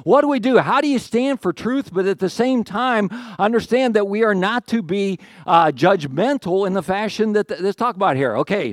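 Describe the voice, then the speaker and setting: A man's voice: sits high, no echo, studio quality. A middle-aged man preaching a sermon to his congregation in a conversational way, with asides, jokes at his own expense and questions to the room. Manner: conversational, self-deprecating humor, rhetorical questions to congregation. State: out of breath. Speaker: pastor.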